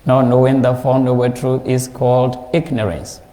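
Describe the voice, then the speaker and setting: Burmese-accent monk teaching, repeats himself a lot, warm mellow voice, echoey hall. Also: male voice, medium pitch, level tone. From Myanmar. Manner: slow, repetitive explaining. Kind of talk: Dharma class teaching.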